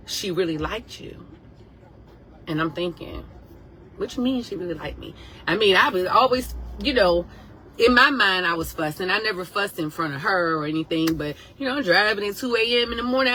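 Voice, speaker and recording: A woman in her thirties, a nurse, telling a personal story casually to viewers, animated and emotional, acting out what others said. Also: mid-range voice, rough recording. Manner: animated, emotional, acts out quotes.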